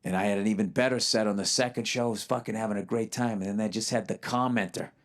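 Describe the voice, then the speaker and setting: A man's voice: lowish voice, fairly even intonation, fast talker. A man who is a stand-up comedian, telling stories on a podcast in a blunt way full of swearing. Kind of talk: profane podcast storytelling.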